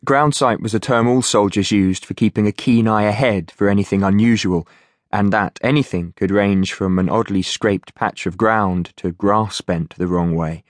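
A man reading an audiobook as narrator in a steady, measured way. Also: on the low side, dry recording, studio quality. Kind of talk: scripted narration.

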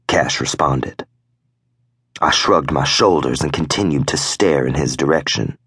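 A man narrating a first-person audiobook in a gruff, growling way, with profane tough-guy dialogue. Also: rumbling low, a little slow, a bit bright, dry recording, studio quality.

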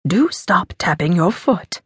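A woman's voice: fairly low pitch, very animated, unhurried, husky, no room sound, heavily acted. A woman voicing a stern, proper wealthy society mother who disapproves easily, in an audiobook. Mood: disapproving.

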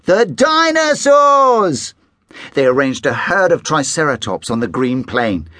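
A man narrating a children's audiobook in an animated storytelling manner, close on a studio mic. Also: mid-range voice, moderate pace, no echo.

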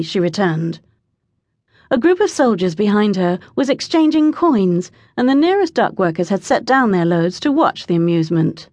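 A woman narrating a historical novel as an audiobook, in expressive storytelling. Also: medium pitch, normal speed, no echo. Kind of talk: scripted narration.

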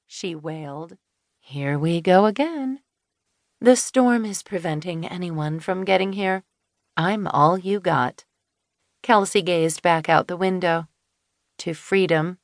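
Woman audiobook narrator, lowish voice, close and dry studio sound, measured delivery. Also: no echo. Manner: measured, dry inner asides. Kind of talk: scripted narration. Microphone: close studio mic.

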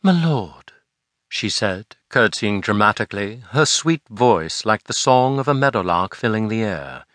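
Expressive male audiobook narrator. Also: lowish voice, normal speed, few pauses, dry recording, clean studio sound. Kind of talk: scripted narration of a historical novel.

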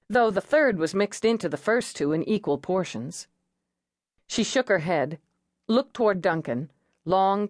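A woman narrating an audiobook in a measured, expressive reading voice. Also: on the low side, no echo, clean studio sound.

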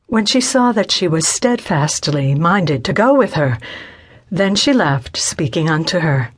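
A woman narrates scripture in an unhurried, solemn audiobook delivery. Her voice sits a little low and carries a soft, breathy huskiness. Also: very animated. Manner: measured, solemn reading.

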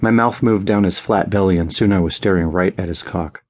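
A man reading a first-person audiobook in an intimate, measured way. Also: low voice, a little mellow. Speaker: audiobook narrator.

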